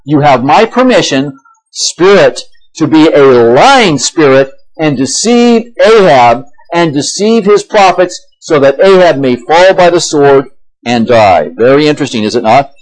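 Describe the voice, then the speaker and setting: A man's voice: on the high side, animated, a little slow, rough recording. A male pastor preaching a sermon, reading old-style scripture aloud and then retelling it in casual, emphatic slang. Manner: emphatic, asks listeners for agreement.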